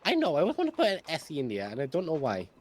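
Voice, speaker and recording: A man playing a doctor in a game roleplay, rambling in an animated way and swearing often. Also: on the high side, rapid-fire. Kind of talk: in-character roleplay chat.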